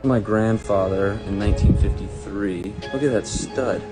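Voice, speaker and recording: A man's voice: lowish voice, unhurried, loud music behind the voice. A man, an actor, joking around in casual press banter with a laid-back manner and plenty of fillers.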